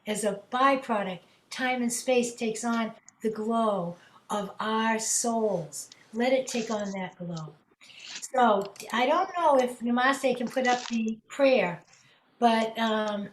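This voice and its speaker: A woman's voice: on the high side, takes it slowly, echoey room, a little hiss or hum, poor audio. A woman hosting a spiritual session over a video call, laughing often and rising into a preacher-like cadence. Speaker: host leading a spiritual prayer session.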